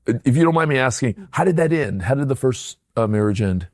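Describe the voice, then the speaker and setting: A man's voice: mid-range voice, expressive, fairly quick, darkish tone, no echo, clean studio sound. A man hosting an interview, chatting casually and asking curious follow-up questions. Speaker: podcast host.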